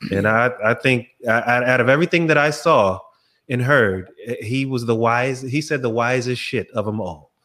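A man's voice: medium pitch, normal speed. A man co-hosting a casual podcast, talking animatedly, repeating words and acting out quotes. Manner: animated, repeats himself, quotes people in their voices. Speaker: podcast co-host.

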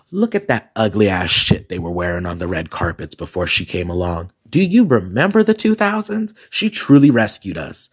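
A man with a raspy voice, hosting a podcast alone as a drag queen, chatting in a sassy, gossipy way and laughing often. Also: fairly low pitch. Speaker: podcast host. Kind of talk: casual solo podcast chat.

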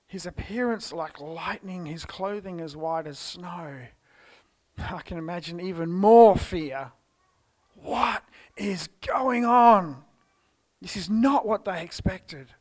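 A man with an Australian accent preaching a church sermon, telling the story expressively and moving between loud exclamations and hushed tones. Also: sits high, slow pace. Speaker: pastor. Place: church service.

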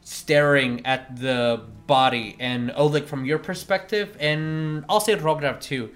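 A man narrating as the game master of a tabletop game, in a slow, halting way with many fillers. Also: on the high side, fairly bright tone, soft background music. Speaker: dungeon master.

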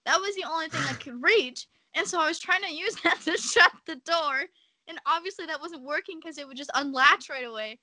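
A young woman, a podcast guest, telling a story in casual chat, animated and laughing often, acting out the quotes. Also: very high-pitched, fairly quick, no room sound.

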